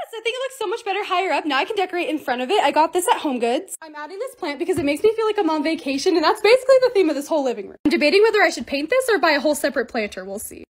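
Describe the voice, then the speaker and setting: A young woman talks through her lifestyle clips in a bubbly, gushing vlog voice-over. Her voice sits high and leaps around a lot. She talks fast. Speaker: social media creator. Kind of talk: casual vlog narration.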